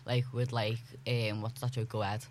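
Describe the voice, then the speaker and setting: A man's voice: mid-range voice, level tone, moderate pace. A young man, chatting casually in a group and talking emphatically with lots of fillers. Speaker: group discussion member. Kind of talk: casual chat.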